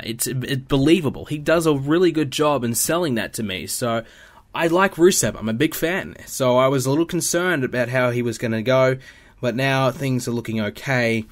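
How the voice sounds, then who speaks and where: A man's voice: mid-range voice, fairly bright tone. A young man hosting a podcast, talking casually on his own with lots of "you know" fillers and restarts. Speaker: podcast host. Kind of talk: casual solo commentary.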